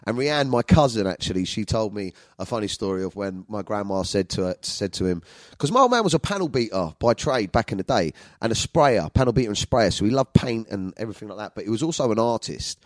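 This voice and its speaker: A comedian tells a long, rambling story full of swearing and fillers. His voice sits on the low side. The recording is dry and close. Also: animated, fast talker, no echo. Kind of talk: storytelling monologue.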